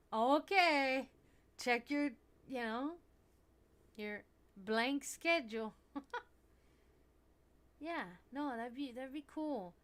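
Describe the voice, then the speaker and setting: A woman's voice: extremely slow, pauses often, a bit bright. A woman hosting a casual livestream, rambling with many restarts and fillers, sounding tired. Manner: high baby talk to her cats. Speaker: livestream host.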